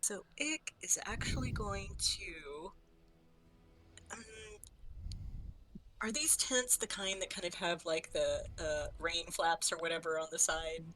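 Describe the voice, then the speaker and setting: A woman's voice: fairly low pitch, slow, background noise. Chatty woman at a tabletop game. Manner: chatty, uncertain, asks questions. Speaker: player.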